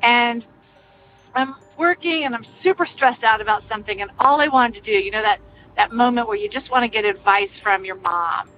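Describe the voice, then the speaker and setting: An older woman with a fairly high voice tells her own ghost story in a relaxed, earnest way, often pausing as she goes. The recording sounds a little muffled, with soft music playing underneath. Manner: earnest, meandering, with many pauses. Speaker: caller sharing a ghost story. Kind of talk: casual personal storytelling. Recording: slightly muffled, faint music behind.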